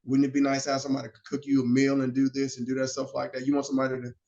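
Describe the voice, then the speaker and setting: A man guesting on a podcast, telling stories in a lively, animated way and acting out the quotes. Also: medium pitch, rapid-fire. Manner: animated storyteller who acts out quotes. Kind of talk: casual storytelling chat. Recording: roomy, slightly dull sound.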